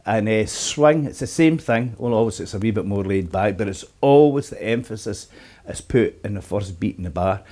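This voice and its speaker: A man's voice: fairly low pitch, expressive, normal speed, warm tone. A middle-aged man giving a casual guitar lesson at home, chatting loosely and counting beats aloud. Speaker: guitar teacher. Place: apartment. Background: guitar playing.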